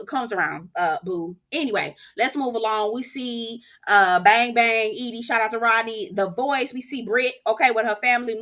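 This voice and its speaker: Sassy, bright-voiced woman recapping reality TV. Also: on the high side. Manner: sassy, profane, animated reactions to the show. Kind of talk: casual commentary.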